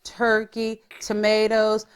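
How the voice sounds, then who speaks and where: A woman's voice: mid-range voice, completely flat delivery, takes it slowly, smooth. A woman podcast host, recapping a reality show in casual, profane, gossipy chat. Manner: profane, gossipy storytelling that acts out quotes.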